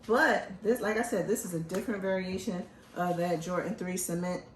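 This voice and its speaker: A woman's voice: lowish voice, fairly quick, slight background noise. Chatty woman hosting from an echoey room. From Philadelphia. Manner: animated, joking, chatty. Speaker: host. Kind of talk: casual chat.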